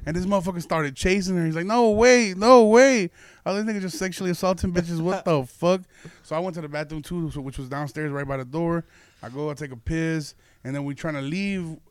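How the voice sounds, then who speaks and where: Young male podcast host, slightly high and smooth voice, dry close sound; loose, profane storyteller. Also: fairly even intonation, quick pace, no echo. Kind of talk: casual storytelling chat.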